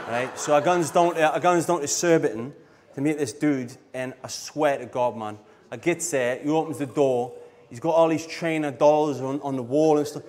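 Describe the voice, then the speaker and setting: A man's voice: fairly high pitch, fairly quick, darkish tone. A middle-aged man, telling rambling anecdotes in a casual conference talk and often laughing. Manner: rambling, laughs often, fillers like "you know what I mean". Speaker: speaker at a design conference. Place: live talk on a stage.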